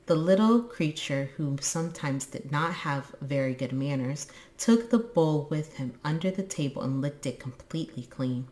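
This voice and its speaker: Low-voiced woman, steady children's book narrator. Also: normal speed, few pauses. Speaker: book channel host. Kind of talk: reading a children's book aloud.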